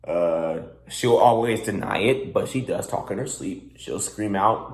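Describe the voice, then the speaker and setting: A young man speaks in a mid-range voice in an echoey room. He answers questions at a measured, thoughtful pace. His voice sometimes trails off softly. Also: fairly low pitch. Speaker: sibling guest. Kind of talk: casual vlog answers.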